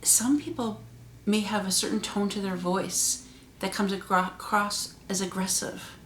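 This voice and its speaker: A woman hosting her own vlog, talking straight to the viewer and shifting her pitch and loudness for emphasis. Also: fairly even intonation, measured pace, slight background noise. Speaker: channel host. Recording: roomy echo.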